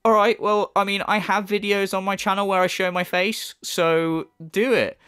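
A man's voice: high voice, little pitch movement, moderate pace, pushed and bright, clear, resonant tone. A man ranting through reaction commentary, exasperated, sarcastic and swearing freely. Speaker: commentary YouTuber.

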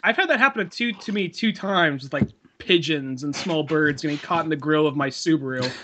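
A man's voice: on the high side, animated, moderate pace, sharp tone, slight background noise. A man co-hosting a podcast, telling rambling stories in casual chat, swearing freely and laughing often. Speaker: podcast co-host.

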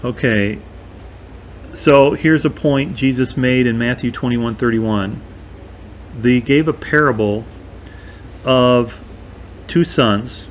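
A man's voice: medium pitch, slow, long pauses, a little hiss or hum. A man teaching a verse-by-verse bible study in a conversational, emphatic way, often checking in with his listeners.

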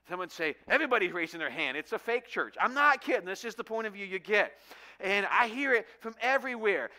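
A man's voice: sits high, sharp tone. A pastor giving a conversational sermon, reading scripture, praying, and telling stories to his congregation. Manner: conversational preaching with rising emphasis.

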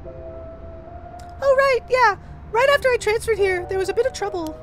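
A woman's voice: extremely high pitch, expressive, measured pace, music in the background, pitched above the performer's own voice. A woman voicing a bubbly, eager teenage schoolgirl sidekick in a video game, reading her lines in a chirpy way. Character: bubbly high-voiced teen schoolgirl sidekick.

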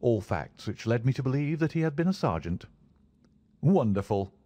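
A man reading a classic novel aloud in steady, plain narration on a close mic. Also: mid-range voice, brisk, no room sound. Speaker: audiobook reader.

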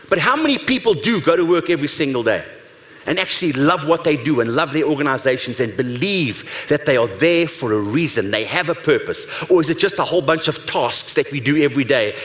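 A man's voice: fairly high pitch, a bit bright, roomy sound. Male humorist, keynote stage talk, acts out quotes between punchlines. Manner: storytelling with punchlines, acted-out quotes. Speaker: speaker. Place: stage before a live audience.

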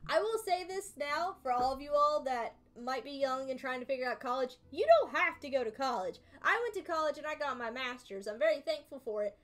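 A woman streamer giving casual let's-play commentary, thinking aloud, repeating herself and breaking into animated exclamations. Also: sits high, brisk, hardly any pauses, soft background music. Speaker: gaming streamer.

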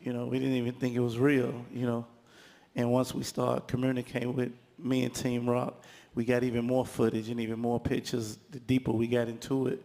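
Man, gravelly, monotone, casual interview. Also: mid-range voice, brisk. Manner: laid-back, fillers like "you know". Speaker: interviewee, rapper.

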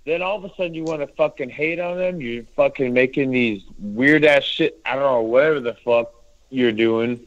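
A man's voice: medium pitch, moderate pace, no room sound, muffled recording. A man calling into a show, arguing angrily and making profane threats. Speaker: caller. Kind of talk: heated call-in argument.

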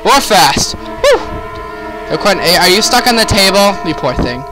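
A man's voice: sits high, lively intonation, fast, low-quality recording. A young man commentating a horror game, venting his frustration with lots of swearing and rambling. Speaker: gaming YouTuber. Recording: game music playing underneath.

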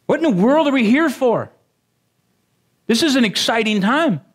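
Animated high-voiced male preacher. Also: normal speed. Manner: animated, rising to exclamations; jokey asides to the congregation. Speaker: pastor. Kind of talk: sermon.

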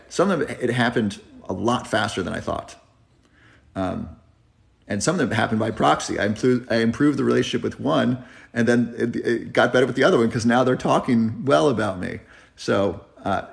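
Driving in his car, a man in his thirties hosts a live health Q&A, talking to viewers in an earnest, reflective way and occasionally tearing up. His mid-range voice is animated and fairly quick, with vocal fry.

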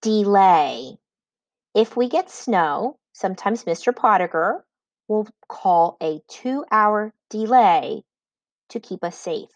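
Woman teacher reading spelling words real slow, super clear, dry close sound. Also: mid-range voice, lively intonation, no echo, muffled recording. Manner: patient, clearly enunciated dictation. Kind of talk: slow spelling lesson dictation.

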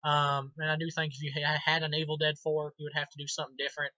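A man's voice: fairly high pitch, completely flat delivery, fast talker, bright, forceful tone, dry recording, muffled recording. A man giving a casual movie review, enthusiastic and rambling, with many ums and restarts. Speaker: film reviewer.

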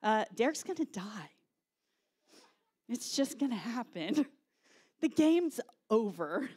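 Lady pastor preaching, higher voice, acts out the yelling bits. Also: slow pace, breathy edge. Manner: animated storytelling, acts out shouted quotes. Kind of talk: sermon.

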